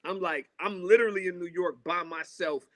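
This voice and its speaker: A man's voice: sits high, brisk, fairly bright tone, no echo. A man from Seattle, a guest artist on a podcast, telling stories in casual chat and acting out the voices of the people he quotes.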